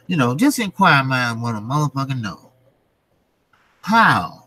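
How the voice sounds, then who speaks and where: A man's voice: medium pitch, very animated, unhurried, pushed and bright, husky, no room sound. A man hosting a boxing channel, ranting bluntly and casually, swearing and repeating rhetorical questions. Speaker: boxing commentary channel host.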